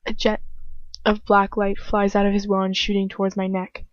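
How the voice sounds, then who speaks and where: A woman's voice: medium pitch, completely flat delivery, normal speed, dry recording, muffled recording. A woman reading first-person fan fiction aloud in an unpolished way, with slips and restarts.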